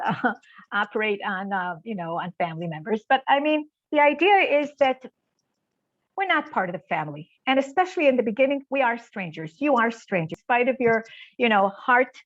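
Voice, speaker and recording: A woman's voice: on the high side, lively intonation, moderate pace, no echo. Earnest woman teaching a video-call class. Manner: earnest, encouraging, many "you know" fillers. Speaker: trainer leading an online caregiver course. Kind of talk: live online workshop talk. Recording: dull, muffled video-call audio.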